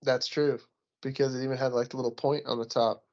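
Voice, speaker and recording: A man's voice: mid-range voice, level tone, brisk, darkish tone, lo-fi sound. Laid-back swearing man on a podcast. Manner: laid-back, swears freely, laughs often. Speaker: podcast co-host. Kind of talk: casual podcast banter.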